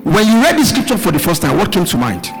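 A male pastor preaching a live midweek sermon, calling out questions for the congregation to answer and shouting key words. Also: high voice, wildly swooping pitch, fast talker. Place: church hall with live congregation. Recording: live hall recording, reverb, faint music.

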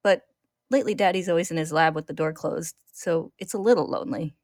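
A woman voicing a sweet, trusting little girl in a high childlike lilt while retelling a story. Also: fairly quick, a little mellow, no echo, clean studio sound. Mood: cheerful.

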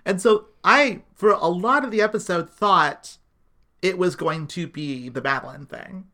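Bright-voiced woman podcast co-host. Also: lowish voice, unhurried. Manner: casual, filler-heavy reactions. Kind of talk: casual chat.

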